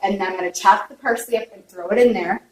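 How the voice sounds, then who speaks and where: A woman's voice: mid-range voice, quick pace. A woman giving a casual cooking demonstration in her home kitchen, chatty and openly emotional, often checking in with viewers. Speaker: home cook. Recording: echoey kitchen, distant mic, faint noise.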